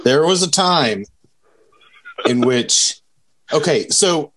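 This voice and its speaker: A young man co-hosting a podcast in loose, casual chat. His voice sits a little high and swings widely in pitch. He rambles and swears freely as he works through his points. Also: expressive, takes it slowly, pauses often, fairly bright tone. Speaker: podcast co-host.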